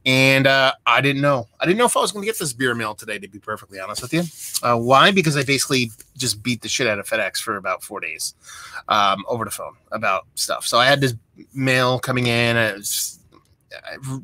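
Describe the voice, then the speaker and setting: Bright-voiced man ranting casually. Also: mid-range voice, no echo. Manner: rambling, exasperated storytelling. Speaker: beer vlogger. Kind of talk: casual vlog rant.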